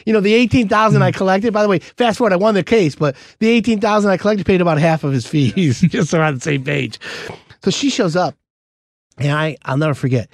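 A man's voice: sits high, a little fast, no room sound. A man co-hosting a podcast, telling a story in casual chat and acting out the other people's voices as he goes.

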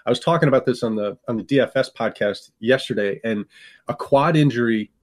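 A man's voice: medium pitch, fairly quick. A man co-hosting a morning sports radio show, talking through player injuries. He explains at length in an earnest, rambling way, often restarting his sentences. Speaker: radio co-host, fantasy football analyst. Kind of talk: casual sports radio chat. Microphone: studio microphone.

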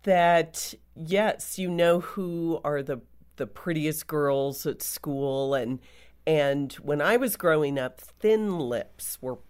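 A woman with a very low voice speaks slowly as a talk show co-host. She is thoughtful and agreeable, taking her time over each phrase. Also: a little mellow, clear, resonant tone. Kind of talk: casual interview chat.

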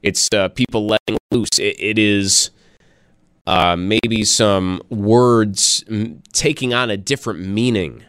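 A man's voice: vocal fry, fairly bright tone, no echo. A man hosting a casual radio show, chatting and laughing as he reads listener messages. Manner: chatty, laughing, wide pitch swings. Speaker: radio host.

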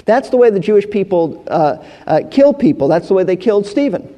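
A man's voice: high-pitched, big pitch swings, a little fast, dark tone, in a large hall. A man teaching through a Bible passage verse by verse, explaining as he goes and often repeating words and restarting phrases.

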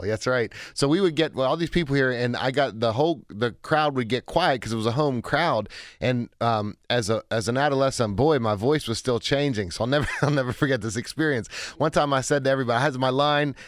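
Hoarse forties radio host, dry studio. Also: male voice, mid-range voice, brisk, dry recording. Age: 40s. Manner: energetic, chatty, self-interrupting. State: hoarse, voice cracking. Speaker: radio talk show host. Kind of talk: call-in radio show monologue.

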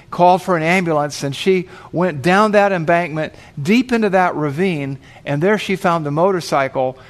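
A man preaching, telling a dramatic illustration and acting out the voices of the people in it. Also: fairly high pitch. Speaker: pastor. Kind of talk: sermon illustration storytelling.

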